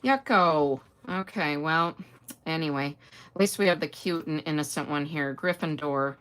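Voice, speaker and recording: A woman's voice: sits low, steady tone, moderate pace, fairly bright tone. An older woman hosting a casual live stream, chatting away, greeting viewers by name and answering their comments. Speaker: host.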